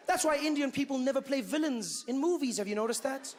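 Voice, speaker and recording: A male stand-up comedian performing a routine in an animated way, full of "you know" asides. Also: very high-pitched, quick pace, hardly any pauses, a faint crowd, slight background noise.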